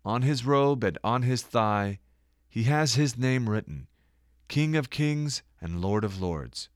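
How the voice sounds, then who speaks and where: A man giving scripted Bible-teaching narration, reading scripture dramatically and citing verses more quietly. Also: medium pitch, animated, slow, no echo, studio quality.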